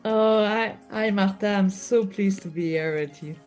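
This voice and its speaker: A woman with a Québécois French accent, a native French speaker, talking as an interview guest. She pauses to search for words and restarts her sentences. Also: mid-range voice, a little mellow, faint music behind. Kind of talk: interview conversation.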